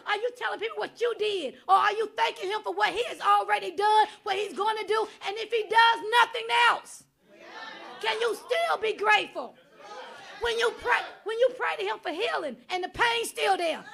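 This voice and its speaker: A woman's voice: very high voice, creaky, a bit bright. A woman preacher delivering an impassioned sermon, driving home her points with repeated rhetorical questions. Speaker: guest preacher.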